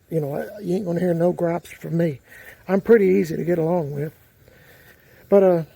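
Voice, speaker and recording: A middle-aged man rambles to his vlog audience, circling back with lots of fillers and restarts. His voice sits a bit high for a man but has a mellow, relaxed tone. He is talking outdoors by a garage. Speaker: YouTube vlogger. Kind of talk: casual talk to camera.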